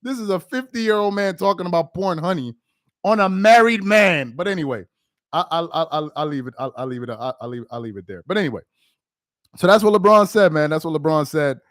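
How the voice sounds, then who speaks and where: A man's voice: on the high side, animated, fairly quick, no echo. Guy ranting on a sports stream, laughing and trash-talking, bouncy voice, dry close sound. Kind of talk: casual live-stream commentary.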